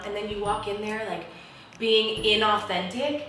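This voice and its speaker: A woman from New Jersey, an actress telling a story to an interviewer in a lively manner, acting out the voices of the people she quotes. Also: moderate pace. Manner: lively, acts out quotes with big pitch swings. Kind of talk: animated storytelling in a conversation. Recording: echoey room heard from a distance, faint music.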